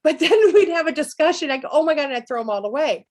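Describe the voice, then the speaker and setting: A middle-aged woman, a psychic medium guest, telling personal stories in a lively, chatty way. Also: sits high, fast. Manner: lively anecdotal telling with laughs. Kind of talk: storytelling interview chat.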